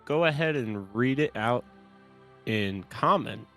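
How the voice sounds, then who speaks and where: A man's voice: mid-range voice, animated, slow, a bit bright, no echo, faint music behind. A man playing a tabletop game, teasing and firing questions with stammers. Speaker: player. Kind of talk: casual game chat.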